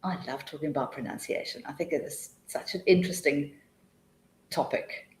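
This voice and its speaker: A woman's voice: low voice, moderate pace, darkish tone, a little hiss or hum. A woman presenting a teaching webinar, answering questions in a chatty, enthusiastic way with rambling explanations and restarts. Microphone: video call. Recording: echoey room.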